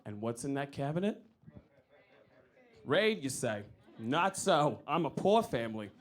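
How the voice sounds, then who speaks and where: A stand-up comedian from New York with a New York accent, telling a story in an animated, loud way with shouted outbursts. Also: male voice, medium pitch, unhurried. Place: comedy club stage. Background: audience laughter.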